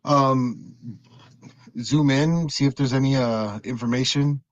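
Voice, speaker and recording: A man playing in a tabletop role-playing game, asking quick, eager questions. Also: mid-range voice, highs cut off. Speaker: player. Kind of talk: casual tabletop play.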